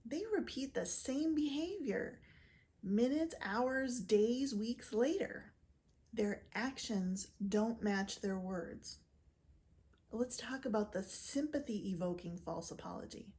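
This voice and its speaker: A woman gives a scripted educational talk, explaining clearly and at a measured pace. Her voice sits fairly high yet has a soft, mellow color. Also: expressive. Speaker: physician and narcissistic abuse educator.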